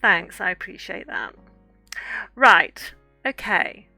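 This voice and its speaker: Middle-aged woman streamer, very bright tone, unhurried, effusive thank-yous, faint music behind. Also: mid-range voice, expressive, gravelly, dry recording. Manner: chatty and effusive, thanking viewers often. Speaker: author and livestreamer. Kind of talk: casual livestream chat to viewers. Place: small home room corner.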